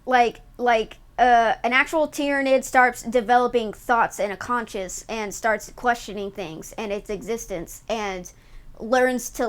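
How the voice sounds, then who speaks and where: Woman streamer, casual live chat, playful and giggly, foul-mouthed, on the higher side. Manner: playful and giggly, swears freely.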